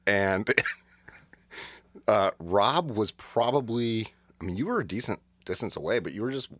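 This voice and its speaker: A man's voice: lowish voice, lively intonation, unhurried, a bit bright, no echo. A man co-hosting a podcast, chatting casually and laughing often as he tells a story. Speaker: podcast co-host. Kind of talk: casual chat.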